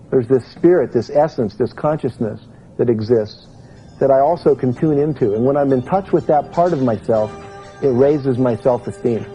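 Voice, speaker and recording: A man runs a live self-help seminar for a packed room, speaking conversationally and putting questions to the audience. His voice is medium-pitched and mellow, and the recording sounds lo-fi.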